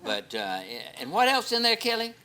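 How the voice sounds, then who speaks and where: Exuberant pastor hosting a TV kitchen. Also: male voice, very high voice, huge pitch swings, normal speed. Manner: exuberant, joking, loud exclamations. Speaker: pastor and show host. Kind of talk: TV cooking segment chat. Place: studio kitchen.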